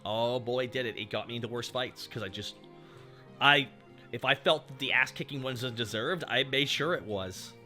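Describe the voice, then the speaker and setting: A man's voice: mid-range voice, normal speed, sharp tone, faint music behind. A man chatting casually and joking with profanity while he streams a game. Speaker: VTuber streamer.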